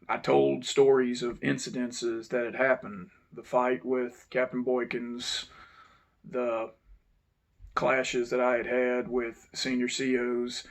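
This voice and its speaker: A man, telling a personal story to his channel's viewers in an unhurried, reflective way that sometimes drops to a low mutter. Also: gravelly. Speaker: channel host. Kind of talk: casual storytelling monologue.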